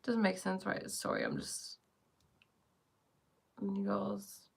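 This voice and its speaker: Woman, creaky vocal fry, playful, casual live-stream chat. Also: medium pitch, flat delivery, slow pace. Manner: playful, laughs often, answers viewer comments. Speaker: spiritual teacher on a live stream.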